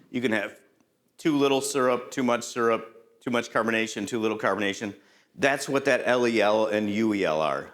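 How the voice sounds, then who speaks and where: Middle-aged guy teaching safety, keeps asking the room questions, chatty storyteller. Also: medium pitch. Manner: quizzes the audience, ends points with "right?"; storytelling with lively anecdotes. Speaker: safety trainer. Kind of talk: conversational safety lecture.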